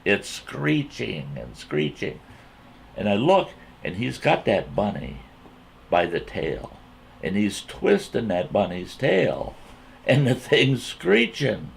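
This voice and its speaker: A man telling a folksy campfire story in an animated way, repeating himself as he builds the scene. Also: lowish voice, vocal fry, slight background noise. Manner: drawn-out, repetitive, animated retelling.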